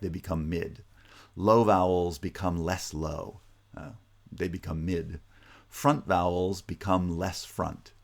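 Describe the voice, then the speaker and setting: A male lecturer with a very low voice that grinds into vocal fry at the ends of phrases. He explains each point step by step, often pausing on "uh" and restarting his sentences. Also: a little mellow. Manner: explanatory, frequent "uh" fillers and restarts. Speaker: linguistics lecturer. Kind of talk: recorded online lecture.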